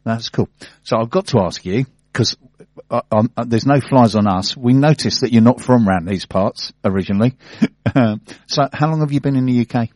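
A man's voice: mid-range voice, moderate pace, a little mellow, no echo. Dry-voiced male radio host. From South London. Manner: easygoing, laughs often. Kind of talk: radio show banter and interview.

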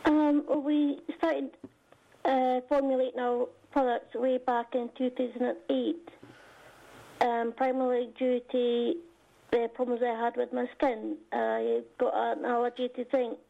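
Scottish female caller, slow and hesitant, muffled phone sound. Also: on the high side, flat delivery, vocal fry. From Scotland. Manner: hesitant, many ums. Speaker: caller, small business owner. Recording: dull phone line.

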